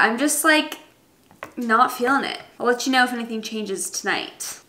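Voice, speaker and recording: A woman's voice: a little high, bright, forceful tone, slight background noise. A young adult woman talking casually to camera in a chatty vlog, full of "like" fillers. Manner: chatty, filler-heavy with lots of "like". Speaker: lifestyle vlogger and podcast host.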